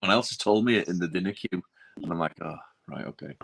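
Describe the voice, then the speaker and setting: Deep-voiced man chatting. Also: very fast, low-quality recording. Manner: rambling, self-interrupting, drops into quiet asides. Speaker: podcast co-host. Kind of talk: casual chat.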